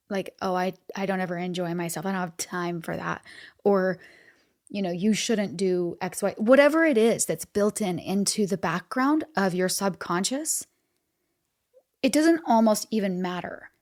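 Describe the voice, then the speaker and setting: Middle-aged woman podcast host, chatty motivational talk, laughs a lot, average pitch. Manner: conversational, laughs often, many fillers.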